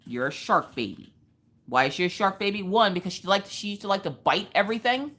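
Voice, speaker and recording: A woman's voice: medium pitch, expressive, quick pace, a bit bright. A woman, hosting a casual livestream while she does a craft, chatting and telling stories to her viewers. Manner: chatty, storytelling, joking asides to chat. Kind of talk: casual chat while diamond painting.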